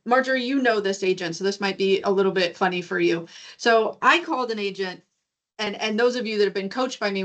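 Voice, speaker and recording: A woman loan originator and guest coach telling a work story in a casual, animated way, acting out the voices in the conversation. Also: mid-range voice. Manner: animated, acts out dialogue in a lively voice.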